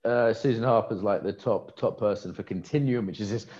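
A man's voice: lowish voice, fairly quick, darkish tone. A man co-hosting a conference, chatting casually with playful, joking asides. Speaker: conference co-host. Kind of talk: casual chat. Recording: dull lo-fi sound.

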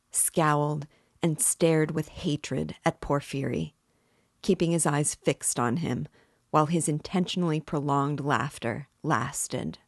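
Low-voiced woman narrating a classic novel. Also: dry recording, studio quality. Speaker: audiobook reader and literature guide. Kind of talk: audiobook narration.

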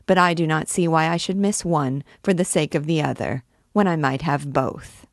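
A woman's voice: deep voice, no echo, studio quality. A woman voicing a brash, hot-tempered young army captain in a read-aloud novel. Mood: glib. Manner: swaggering and quick to anger.

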